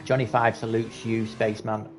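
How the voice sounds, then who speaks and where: A man giving casual live commentary on a sim racing event, chatty and excitable at close battles. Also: on the low side, normal speed, slight background noise. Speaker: race commentator.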